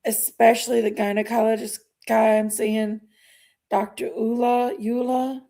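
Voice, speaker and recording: Gravelly-voiced woman, emotional. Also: on the high side, flat delivery, mellow. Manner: emotional, halting, sighing between phrases. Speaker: livestream host. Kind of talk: casual livestream chat.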